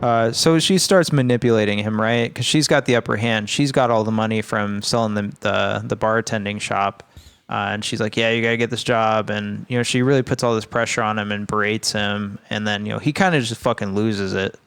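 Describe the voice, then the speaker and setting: Smooth-voiced casual male podcast host. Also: fairly low pitch, fairly even intonation, a little fast, fairly bright tone. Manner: profane, rambling, laid-back. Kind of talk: casual chat recapping a film.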